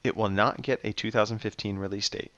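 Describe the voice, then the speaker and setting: A man's voice: on the low side, fairly quick, dry recording, lo-fi sound. A man co-hosting a gaming podcast, reading out news and quizzing his co-hosts in a teasing, game-show way. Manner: animated, teasing quiz-show delivery. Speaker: podcast co-host running a quiz. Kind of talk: casual gaming chat.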